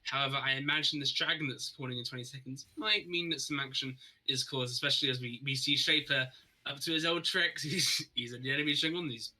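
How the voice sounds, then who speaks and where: A man giving live play-by-play commentary on an esports match, reacting quickly and sometimes repeating words when excited. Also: medium pitch, poor audio. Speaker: esports caster.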